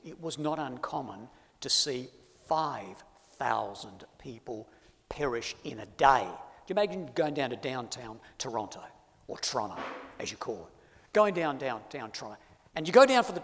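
A man preaching a sermon to his congregation, swinging from loud emphasis to hushed asides. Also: mid-range voice. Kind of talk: sermon on Bible prophecy. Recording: long hall reverb.

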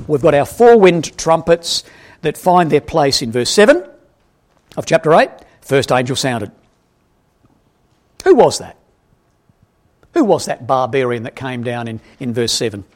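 Animated man teaching from the pulpit. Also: fairly high pitch, normal speed, pauses often. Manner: animated, asks the audience questions, self-correcting. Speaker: preacher. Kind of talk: expository Bible teaching.

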